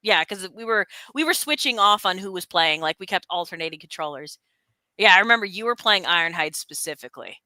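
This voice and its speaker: A woman's voice: on the low side, brisk, no room sound, low-quality recording. A woman co-hosting a casual stream, chatting about games with lots of laughter and playful quoted lines. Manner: giggly, animated, quotes lines in put-on voices. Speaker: streamer co-host.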